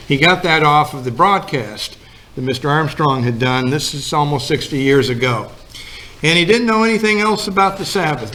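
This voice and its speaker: A man's voice: medium pitch, fairly bright tone, slight background noise. A male pastor giving a sermon in a folksy storytelling manner, acting out the lines of the people in his story.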